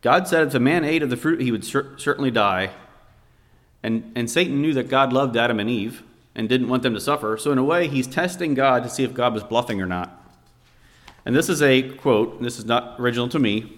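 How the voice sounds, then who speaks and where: A man's voice: mid-range voice, a little fast, fairly bright tone. A man preaching a sermon, telling a family story to make his point. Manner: storytelling, vividly recounting a scene. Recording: long hall reverb.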